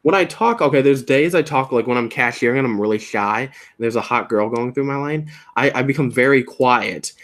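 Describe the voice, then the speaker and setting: A young man chatting casually while building Lego, rambling and laughing easily, his words a little soft and slurred. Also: medium pitch, a little fast, hardly any pauses. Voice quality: soft, slightly slurred when quiet. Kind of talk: casual chat.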